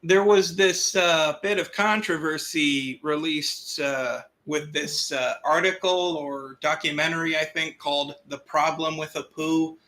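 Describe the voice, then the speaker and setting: Unhurried high-voiced man, casual chat. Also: fairly even intonation, pushed and bright. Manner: unhurried, many filler pauses. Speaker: co-host.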